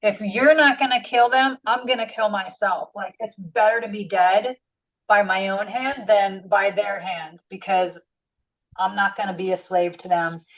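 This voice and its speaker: A woman's voice: medium pitch, steady tone, measured pace, low-quality recording. A woman voicing an exasperated, sulking male prophet who complains in casual slang, close to her own everyday voice.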